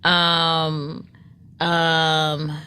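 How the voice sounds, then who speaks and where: A woman in her thirties chatting as a guest on a comedy podcast, giggly and quick to laugh. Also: sits low, completely flat delivery, bright, forceful tone, smooth. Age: 30s. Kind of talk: casual chat.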